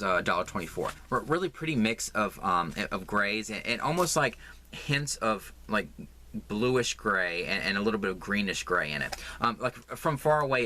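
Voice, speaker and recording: Halting Southern man chatting about yarn. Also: fairly low pitch, pushed and bright, a little hiss or hum. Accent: Southern American. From American South. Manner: halting, lots of fillers and repeats. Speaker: crafting vlogger. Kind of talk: casual yarn haul chat.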